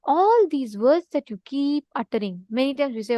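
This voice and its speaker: A woman's voice: high-pitched, very animated, normal speed, hardly any pauses, warm tone, no echo. A woman giving an online spiritual teaching, earnest and repeating key points, now and then asking listeners to respond. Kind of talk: online teaching session with a story.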